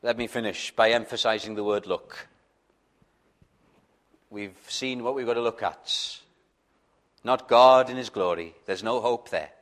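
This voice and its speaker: A man's voice: on the low side, a little slow, long pauses, fairly bright tone. A man preaching an evangelical sermon, pleading with his listeners in questions, stumbling on first words and building to fervent peaks. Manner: stammers on openings.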